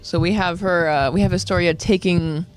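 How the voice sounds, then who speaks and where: A man's voice: sits high, steady tone, moderate pace, clean tone, soft background music. A man co-hosting a podcast, talking in a rambling way full of "like"s and restarts. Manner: rambling, hedging with many "like"s. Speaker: podcast co-host. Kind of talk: casual anime discussion.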